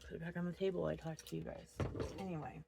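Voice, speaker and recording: A woman's voice: on the low side, flat delivery, quick pace, creaky, very noisy. A woman in her thirties chatting casually to camera from her home office, rambling and openly upset. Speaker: crochet vlogger.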